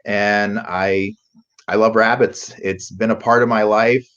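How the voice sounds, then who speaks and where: Low-voiced man, relaxed and unhurried. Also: clear, resonant tone, dull audio. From Pennsylvania, USA. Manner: relaxed, many ums and uhs. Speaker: guest, rabbit breeder and judge. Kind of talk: casual interview.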